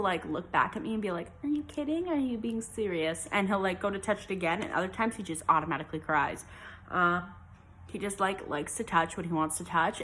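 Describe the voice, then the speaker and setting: Chatty and rambling, a young woman talks casually in her mom vlog, her speech full of "likes" and "ums." She has a lowish, bright voice and a forceful tone.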